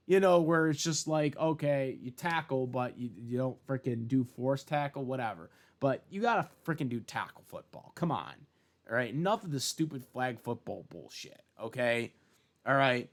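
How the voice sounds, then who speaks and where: A man's voice: on the high side, lively intonation, moderate pace. A young man giving a casual, profane opinion rant about sports, with many fillers and restarts. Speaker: sports commentator vlogger.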